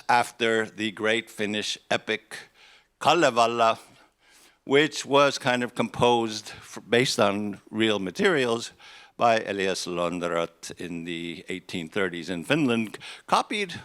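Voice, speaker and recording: A man's voice: mid-range voice, fairly bright tone. An older man from Estonia giving a conference keynote into a handheld microphone. He talks in a conversational, wry way with frequent restarts. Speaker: keynote speaker. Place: conference hall.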